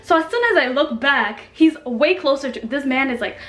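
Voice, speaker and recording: A young woman from Kenya telling a story in a casual, animated, slangy and self-mocking way. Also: high voice, moderate pace. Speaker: vlogger. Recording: echoey room with faint music.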